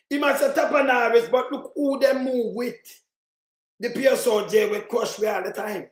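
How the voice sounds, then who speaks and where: Give me a Jamaican man with a very high voice, mocking and heated, reacting to clips in a room with echo. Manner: heated, mocking, speaks in patois. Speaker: political commentator. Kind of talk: reaction commentary on played clips.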